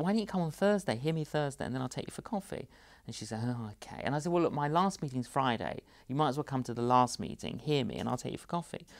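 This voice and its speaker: A middle-aged male evangelist shares personal stories in an interview. He talks at an average pitch, and he jumps into the voices of the people he quotes. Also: creaky. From London. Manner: animated storyteller, acts out both sides of conversations. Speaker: evangelist guest. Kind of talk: anecdotal interview storytelling.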